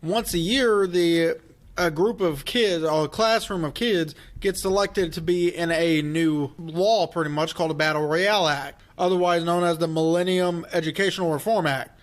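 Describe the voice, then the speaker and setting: Brief: male film-review co-host, higher register, laid-back plot explainer. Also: normal speed. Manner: explanatory, recapping plot with fillers. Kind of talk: casual movie discussion.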